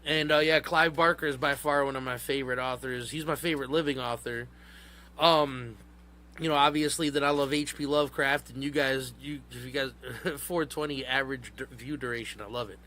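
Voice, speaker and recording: Bright-voiced man rambling casually. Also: mid-range voice, steady tone, moderate pace. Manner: rambling, profane, many fillers. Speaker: podcast host. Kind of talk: casual livestream talk.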